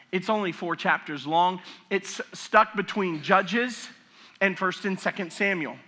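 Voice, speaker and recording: A man's voice: high voice, pushed and bright. A middle-aged male pastor giving a sermon, telling stories in a chatty way with acted asides. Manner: conversational storytelling with acted asides.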